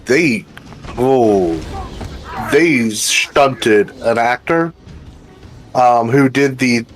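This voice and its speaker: A man's voice: medium pitch, very slow, soft background music. A man chatting casually as a guest on a game stream, telling stories with plenty of fillers. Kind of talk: casual chat.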